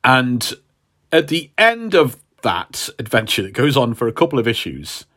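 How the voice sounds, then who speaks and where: Lively man retelling a comic plot. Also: medium pitch, normal speed. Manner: rambling retelling, acts out quotes. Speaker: podcast co-host. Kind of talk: casual chat.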